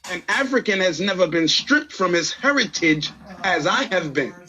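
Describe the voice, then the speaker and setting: A man's voice: high-pitched, animated, normal speed, bright, forceful tone, highs cut off. A man debating in a voice chat room, emphatic and insistent, often ending points with "right?". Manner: emphatic, keeps asking "right?".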